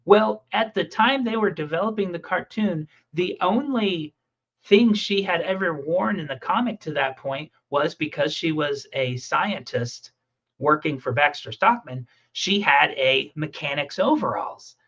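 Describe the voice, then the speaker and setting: A man's voice: a little high, measured pace. A man telling stories and rambling in a casual conversation about making comics. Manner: rambling, animated storytelling with restarts. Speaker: comic creator and podcast host. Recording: muffled lo-fi audio.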